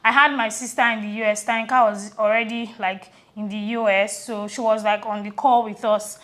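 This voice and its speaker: A Nigerian woman co-hosting a podcast, telling a personal story in a reflective, earnest way that often trails off softly. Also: medium pitch, fairly even intonation, moderate pace. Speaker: podcast co-host. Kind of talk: casual conversational storytelling.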